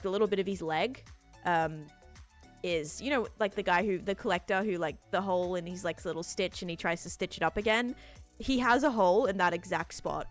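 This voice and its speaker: A young woman streamer chatting casually while she plays, reading out and answering her viewers in a rambling, friendly way. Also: fairly low pitch. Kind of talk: casual live-stream chat, reading chat aloud. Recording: faint music behind voice.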